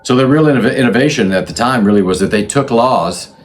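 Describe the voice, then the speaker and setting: A man's voice: medium pitch, a little fast, slight background noise. A man hosting a history talk, explaining in a loose, unscripted way with frequent restarts and self-corrections. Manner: conversational, thinks aloud with restarts and self-corrections. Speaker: channel host explaining religious history.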